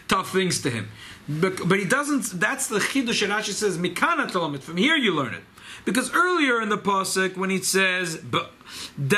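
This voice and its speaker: A man teaching a Torah class to a small gathering, animated and emphatic, sprinkling in Hebrew and Yiddish terms. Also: sits high, a little hiss or hum. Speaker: rabbi leading a study gathering.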